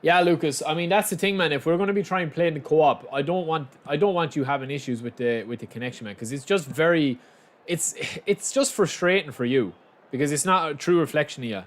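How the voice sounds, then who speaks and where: A young man chatting casually and commentating live on his own football game, bursting into excited shouts at big moments. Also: a little high, brisk. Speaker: game streamer.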